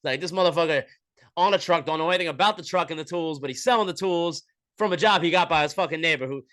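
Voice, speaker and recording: A man's voice: fairly high pitch, quick pace. Profane man telling a story. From Florida, USA. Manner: profane, animated retelling with quoted voices. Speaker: podcast host. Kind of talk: casual storytelling monologue.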